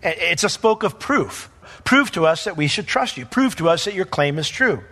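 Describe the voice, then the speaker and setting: An emphatic male pastor delivers a verse-by-verse sermon. His voice is bright and forceful and sits a little high. He stays animated as he explains the text. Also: normal speed. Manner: emphatic, animated, acts out quotes.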